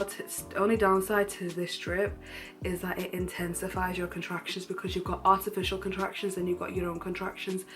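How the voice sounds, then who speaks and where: A young woman, candidly retelling a personal story in a casual vlog, animated and full of fillers. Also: on the low side. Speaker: vlogger.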